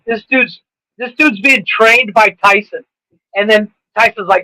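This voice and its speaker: Male podcast co-host, high and bright voice, laughing, joking banter. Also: measured pace, no echo, rough recording.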